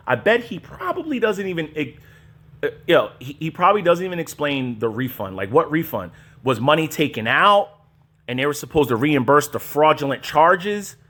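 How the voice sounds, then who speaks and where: A man's voice: a little high, a bit bright. Mocking, incredulous male commentator. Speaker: show host reacting to clips. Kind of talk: casual commentary.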